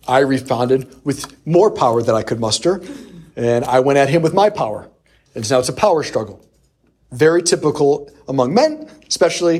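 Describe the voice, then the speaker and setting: A man preaching a sermon, telling a personal story with lively acted-out quotes. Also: mid-range voice, breathy edge. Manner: animated storyteller who acts out quoted voices. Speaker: priest.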